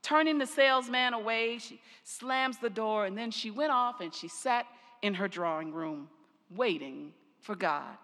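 An older woman pastor preaching a sermon, telling stories slowly and deliberately, her phrase endings trailing off softly. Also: on the high side. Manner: slow, deliberate storytelling with soft trailing endings. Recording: long reverb of a large hall.

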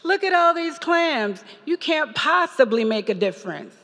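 A woman's voice: high-pitched, big pitch swings, normal speed, a bit bright, voice pushed up. A woman voicing a mocking male jogger in a reverberant church hall. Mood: scoffing.

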